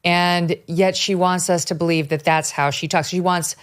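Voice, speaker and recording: A woman's voice: lowish voice, steady tone, moderate pace. A woman hosting a talk show, speaking emphatically and with disbelief about politics. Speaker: podcast host. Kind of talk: political commentary chat.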